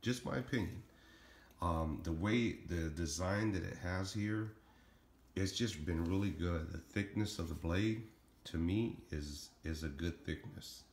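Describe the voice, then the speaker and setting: A middle-aged man casually showing and reviewing his throwing knives, rambling with lots of ums. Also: low voice. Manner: rambling, many ums, talks fast and plainly. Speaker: knife-throwing hobbyist reviewing his blades. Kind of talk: casual show-and-tell vlog. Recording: echoey room with faint noise.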